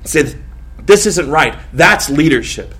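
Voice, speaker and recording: A pastor in his thirties preaching a sermon in a lively, conversational way, often repeating himself. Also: a little high, takes it slowly. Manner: animated, conversational preaching with repetitions.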